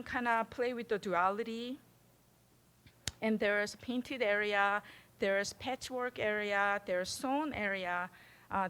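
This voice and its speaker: A middle-aged woman from Korea with a Korean accent, giving a public artist talk in an animated, chatty way and laughing often. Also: medium pitch. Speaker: visiting artist.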